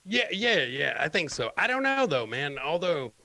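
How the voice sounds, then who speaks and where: Bright-voiced easygoing male comedian. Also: a little high, very animated, normal speed, vocal fry, no room sound. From Michigan. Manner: laughing, easygoing storyteller. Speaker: comedian, podcast guest. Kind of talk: casual comedy podcast chat.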